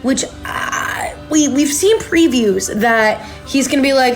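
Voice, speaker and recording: Speaking a little slowly in a high-pitched voice, a woman hosts a podcast recapping a reality show, with faint music in the background. She chats casually, reacts aloud as she watches, and uses many filler words, including lots of "like."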